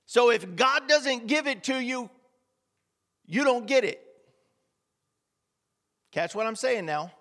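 High-voiced man preaching in a hall. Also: expressive, slow, pauses often, fairly bright tone. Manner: emphatic, rhetorical questions and repetition. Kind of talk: sermon.

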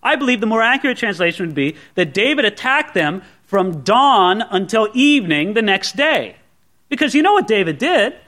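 A man with a notably high voice delivers a sermon from a church sanctuary. He preaches conversationally and earnestly, asking the room rhetorical questions. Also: sing-song, normal speed, pushed and bright. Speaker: pastor.

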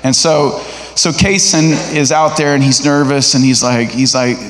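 A man's voice: mid-range voice, a little slow. Middle-aged male preacher in an echoey hall. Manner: lively, conversational, asks the congregation questions. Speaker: guest preacher. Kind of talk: sermon. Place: church sanctuary.

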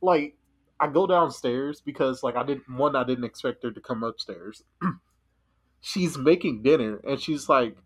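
A man's voice: mid-range voice, unhurried, slightly rough. A young man in casual podcast chat, sharing anecdotes in an easygoing way. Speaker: podcast co-host.

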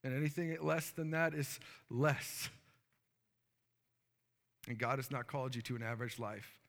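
A man's voice: mid-range voice, normal speed, a bit bright, in a large hall. A man, a pastor, preaching a sermon and telling a story earnestly, with many fillers.

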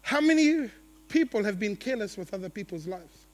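A man preaching a sermon to a church gathering, animated and playful, swinging between loud and hushed. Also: sits high, brisk.

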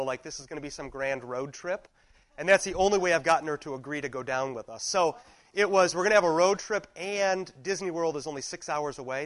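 Man in his thirties, teacher, rambling anecdotes, higher voice, dry close sound. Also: fairly bright tone, dry recording, poor audio. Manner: rambling, anecdotal, self-interrupting. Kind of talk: casual classroom talk.

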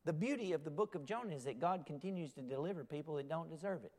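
A male pastor delivering a sermon with great animation, his fairly high voice leaping between soaring, urgent appeals and quiet, intimate pleading. The sound carries a long echo, as if caught in a large church sanctuary. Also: lively intonation, fast, hardly any pauses. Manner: impassioned, swings between loud urging and hushed pleading. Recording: long reverb of a large hall.

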